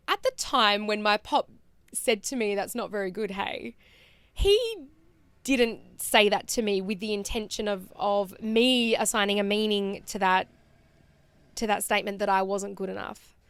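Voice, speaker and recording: A woman in her thirties with an Australian accent, hosting a podcast and telling a personal story in a chatty, animated way with fillers. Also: mid-range voice, a little slow, clean tone, no echo. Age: 30s. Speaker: podcast host.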